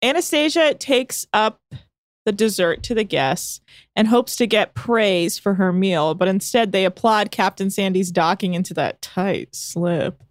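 A woman's voice: medium pitch, measured pace, dry recording, clean studio sound. A woman co-hosting a casual podcast, recapping a reality show in a chatty, sarcastic way with plenty of filler words. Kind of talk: casual chat.

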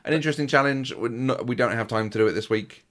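A man's voice: mid-range voice, fast talker, a bit bright. A man co-hosting a podcast, chatting casually in a rambling way with frequent restarts. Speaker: podcast co-host. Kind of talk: casual chat recapping a baking show.

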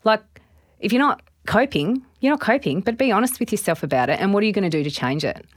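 A woman's voice: mid-range voice, quick pace, no echo, studio quality. A middle-aged Australian woman, a business owner and guest, telling stories in a casual interview and acting out her own thoughts. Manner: animated storytelling with quoted inner voices.

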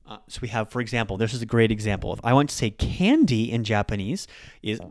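A man, a native English speaker, hosting a casual podcast lesson, chatty and repeating words slowly to show them. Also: lowish voice, no room sound, clean studio sound. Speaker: podcast host teaching Japanese.

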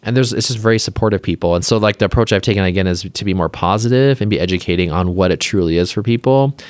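A plastic surgeon from Utah, US, speaks quickly in a low voice as a podcast guest, recorded dry. His casual talk rambles in loose, filler-heavy sentences and he's openly emotional.

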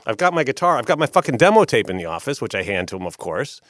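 A record label executive telling an animated story in a casual interview, profane and often tagging lines with "right?". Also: male voice, mid-range voice, quick pace, no room sound, studio quality.

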